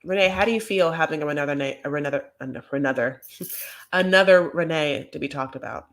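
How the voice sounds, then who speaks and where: A woman's voice: sits low, moderate pace. A woman hosting a reality TV recap, chatting casually in a gossipy, rambling way full of fillers. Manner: gossipy, rambling, lots of "like" and "you know".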